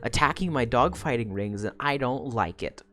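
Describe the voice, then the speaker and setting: A woman's voice: rumbling low, expressive, moderate pace, a bit bright, dry recording, studio quality. A woman voicing a furious male thug who complains in an indignant, swearing rant. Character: angry, loud male thug.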